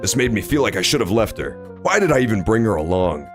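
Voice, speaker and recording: Man streaming a game, wildly animated. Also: fairly low pitch, quick pace, music in the background. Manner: joking, swearing, reads dialogue aloud. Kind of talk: casual game commentary.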